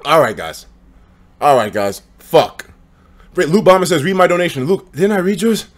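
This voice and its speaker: A young man streaming casually from his apartment, tipsy after drinks, talking loosely and profanely, jumping between loud outbursts and low mumbles. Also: animated, moderate pace. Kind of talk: casual live-stream chat. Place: home apartment.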